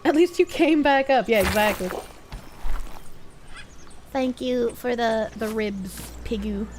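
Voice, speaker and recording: High-voiced woman streaming a game. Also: slow pace, darkish tone, slight background noise, rough recording. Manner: chatty, talks to game characters, swears casually. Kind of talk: casual gameplay commentary. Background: game music.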